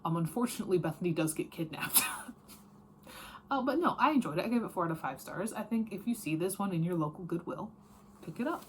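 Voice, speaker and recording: A woman's voice: fairly low pitch, expressive, quick pace, a little hiss or hum. A woman chatting casually about books she read, frank and rambling, with many fillers and self-corrections. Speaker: book vlogger. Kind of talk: casual reading wrap-up chat.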